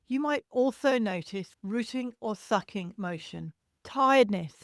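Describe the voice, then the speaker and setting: Gentle woman hosting a parenting podcast. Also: mid-range voice, clear, resonant tone, no echo, studio quality. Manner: gentle, reassuring teaching tone; imitates baby cries to demonstrate. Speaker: podcast host and childcare educator.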